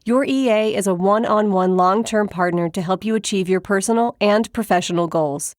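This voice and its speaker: A woman's voice: medium pitch, moderate pace, dry recording, studio quality. A woman announcer reading a scripted ad in a polished, persuasive way. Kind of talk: scripted ad read.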